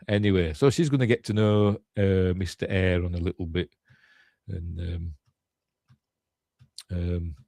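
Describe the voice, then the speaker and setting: A man's voice: low voice, darkish tone, no echo, clean studio sound. A man with a Yorkshire accent hosting a casual film review, retelling scenes in a rambling, chatty way full of fillers and chuckles. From Yorkshire, England. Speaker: film reviewer, channel host.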